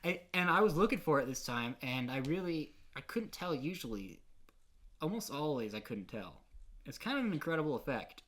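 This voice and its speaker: A man's voice: on the high side, sing-song, moderate pace, fairly bright tone. A young man co-hosting a podcast, talking casually, rambling, swearing and laughing often. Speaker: podcast co-host. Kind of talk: casual chat.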